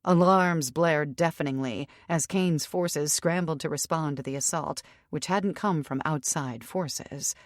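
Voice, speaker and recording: A woman reads a fantasy audiobook in an even, steady way, her voice low and grounded. The recording is close and completely dry, with no room sound. Her delivery stays measured and clear throughout. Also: dry recording. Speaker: audiobook narrator. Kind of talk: scripted narration.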